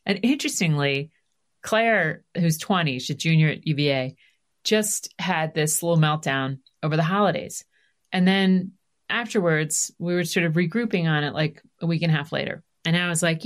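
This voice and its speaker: A middle-aged woman with a somewhat low voice talks as a podcast guest. She tells family stories candidly, with quick asides and self-deprecating humor. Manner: animated, confessional, full of asides and self-deprecation. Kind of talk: candid conversational storytelling.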